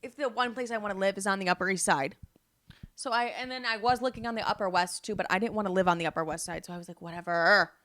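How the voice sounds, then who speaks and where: Bright-voiced, profane young woman. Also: mid-range voice, quick pace, no echo. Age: 20s. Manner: candid, profane, animated retelling. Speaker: podcast host. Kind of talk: casual storytelling chat.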